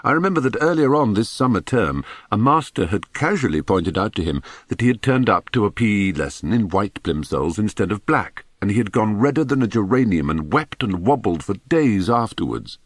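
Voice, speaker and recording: A middle-aged man reading his own memoir aloud with wry, expressive storytelling. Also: on the low side, a little fast, hardly any pauses. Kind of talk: audiobook narration.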